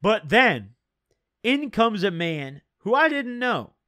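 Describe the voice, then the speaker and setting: A man's voice: sits high, sing-song, takes it slowly, bright, forceful tone, dry recording, clean studio sound. A young man telling a rambling story in casual slang, full of "dude" and "bro". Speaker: storyteller vlogger.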